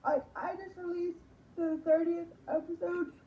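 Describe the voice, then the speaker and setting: A woman guest on a radio interview, speaking slowly and haltingly, repeating words as she goes. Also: very high-pitched, flat delivery, echoey room, lo-fi sound. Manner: halting, repeating words, slow effortful speech. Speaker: podcast host as guest. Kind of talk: casual interview answers.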